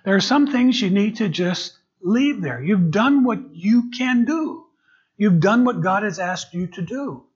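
Husky-voiced guy preaching, kinda high, keeps restarting his sentences, dull lo-fi sound. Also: animated. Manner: halting, repeats words while searching for phrasing. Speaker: interim pastor. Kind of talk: sermon. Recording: dull lo-fi recording.

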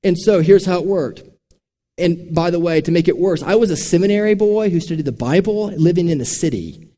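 Male pastor, earnest storytelling sermon voice, slightly high, dark tone, long hall reverb. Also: brisk. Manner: storytelling preacher, earnest and direct.

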